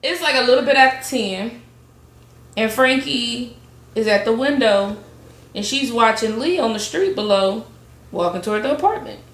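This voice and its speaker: A woman's voice: on the high side, animated, moderate pace, a bit bright. A woman podcast host retelling a true crime story in a dramatic, playful way. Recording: echoey room.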